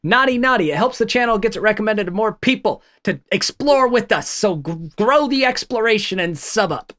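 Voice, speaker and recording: A man hosts a reaction video in loose, chatty commentary. He breaks off to talk to his viewers about subscribing. His voice sits high for a man. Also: expressive, a little fast, a bit bright.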